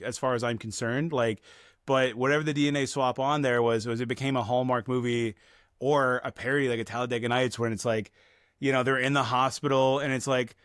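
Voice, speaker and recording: A man co-hosting a casual film podcast, talking in a rambling, profane way and slipping into quick impressions of movie scenes. His voice sits at a middle pitch and is recorded dry and close. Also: a bit bright, dry recording. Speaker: podcast co-host. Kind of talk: casual film review chat.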